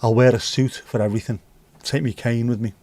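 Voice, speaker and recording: A man's voice: mid-range voice, steady tone, a little fast, darkish tone, a little hiss or hum. A man hosting a livestream, rambling through jokey, sweary anecdotes in casual chat. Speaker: livestream host.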